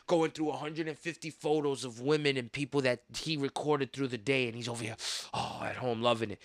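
A man hosting a podcast, ranting in a heated, profane way with sudden loud outbursts. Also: mid-range voice, quick pace, hardly any pauses, dry recording. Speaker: podcast host. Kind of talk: casual podcast rant.

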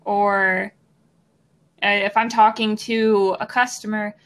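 A woman's voice: mid-range voice, level tone, takes it slowly, a bit bright. A young woman co-hosting a podcast in casual chat, joking, swearing offhand and laughing often. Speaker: podcast co-host.

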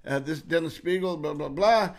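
An older man hosting an interview, telling lively anecdotes, laughing often and acting out quoted lines. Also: a little high, moderate pace. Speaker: interview host.

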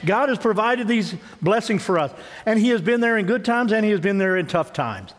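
Pastor, male, high voice, lively storytelling sermon delivery, long reverb on the recording. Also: fairly quick. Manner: animated storytelling preacher, shifts between lively and hushed. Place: church with a congregation.

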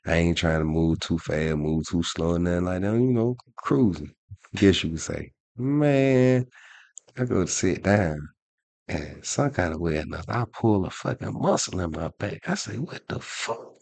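A man's voice: low-pitched, animated, moderate pace, vocal fry, darkish tone, no room sound. A man co-hosting a podcast, telling a rambling, profane story in casual chat with lots of restarts. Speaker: podcast co-host.

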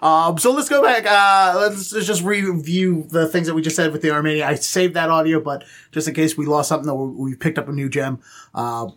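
A man's voice: a little high, fairly quick, fairly bright tone, no room sound, clean studio sound. A man hosting a podcast interview in casual chat, rambling in a self-conscious, apologetic way. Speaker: podcast host.

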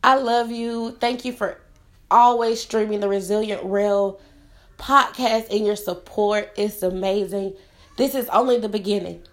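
A woman's voice: medium pitch, fairly even intonation, unhurried. Woman in her 30s, podcast host, motivational solo talk, earnest, heartfelt, encouraging. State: tearful at times.

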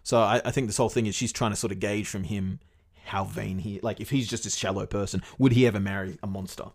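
A man's voice: lowish voice, fairly even intonation, fast. A man casually retelling a fairy tale to his podcast co-host, rambling and swearing along the way. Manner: rambling, swears often, many fillers.

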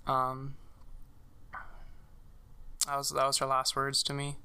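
A young man telling a personal story in casual conversation, halting, with many fillers and restarts. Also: medium pitch, monotone, sharp tone, smooth. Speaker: guest sharing a personal story.

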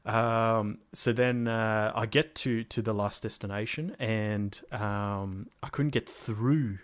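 A podcast co-host tells a gaming story in relaxed, chatty fashion, cursing freely. His voice sits lowish, with fairly flat intonation and a slow delivery.

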